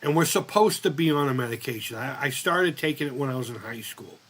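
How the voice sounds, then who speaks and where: A man's voice: medium pitch, animated, fairly quick, fairly bright tone, slightly rough. A man hosting a casual livestream chat, telling long stories in a rambling way and swearing freely. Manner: profane, rambling storyteller. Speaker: livestream host.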